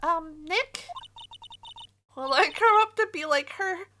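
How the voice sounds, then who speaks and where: A peppy young sidekick girl full of eager excitement, as a woman voices her for a game. Her voice is high and bouncing, with a bright edge. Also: slow, slight background noise, exaggerated voice. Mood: excited. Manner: bubbly and eager.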